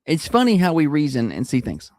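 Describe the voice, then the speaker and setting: A man's voice: a little high, wildly swooping pitch, fairly quick, darkish tone, dry recording, clean studio sound. A man hosting a radio morning show, joking and teasing his co-host in casual banter.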